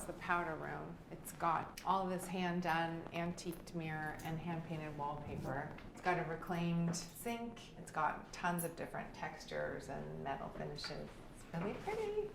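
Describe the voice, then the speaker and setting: A middle-aged woman with a fairly low voice walks through her home, describing it in a relaxed, gushing way with easy fillers. A faint hum of room noise sits behind her. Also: moderate pace, vocal fry, hardly any pauses. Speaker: homeowner giving a house tour. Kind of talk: video house tour narration.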